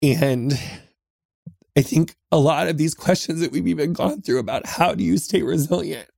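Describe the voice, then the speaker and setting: A man hosting a podcast, talking earnestly and reflectively in a small closet, with frequent pauses and restarts. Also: on the high side, creaky, a little mellow, no room sound, studio quality. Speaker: podcast host. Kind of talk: heartfelt solo podcast talk.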